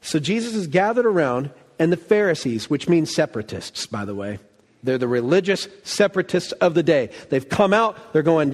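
A man preaches a sermon in a fairly high voice, animated and theatrical. He acts out quoted voices and swings from loud bursts to near-whispers. The sound carries a long reverb from a large church hall. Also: normal speed. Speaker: pastor.

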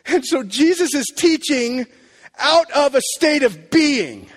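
Man, pastor, sermon, high voice, emphatic, long hall echo. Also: takes it slowly. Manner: animated, emphatic preaching with dramatic drops to quiet.

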